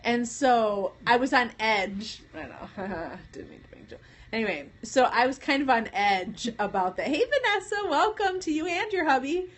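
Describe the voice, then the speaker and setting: Woman, Michigan accent, slightly high voice, rambling and giggly live-stream host. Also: big pitch swings, moderate pace. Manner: rambling, chatty, laughs often. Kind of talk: casual live-stream chat.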